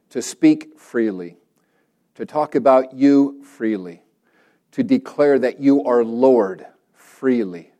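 A man leading a church prayer and then preaching, earnest and emphatic, repeating phrases and slowing down on key words. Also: lowish voice, warm tone. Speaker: pastor. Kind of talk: prayer and sermon.

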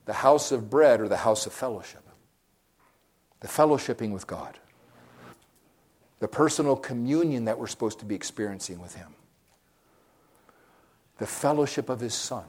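A man preaching a sermon as pastor, swinging between quiet, low passages and loud, rising calls, often asking the congregation questions. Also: expressive, moderate pace, long pauses, husky.

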